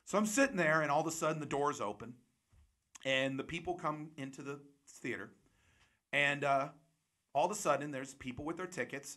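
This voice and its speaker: A man's voice: fairly high pitch, moderate pace. A man hosting a podcast, telling a rambling story in casual chat and acting out the quotes. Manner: rambling, animated, acts out quotes. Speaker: podcast host.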